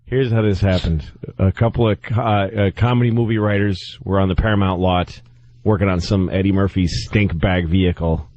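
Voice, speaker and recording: A man's voice: low voice, steady tone, moderate pace, darkish tone, no echo, lo-fi sound. A man, a comedian guest on a radio show, telling a rambling story in casual chat and slipping into mocking voices.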